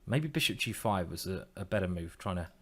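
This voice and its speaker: A man's voice: low-pitched, lively intonation, fairly quick. A man streaming online chess, thinking aloud in a playful, self-mocking way and teasing his opponent.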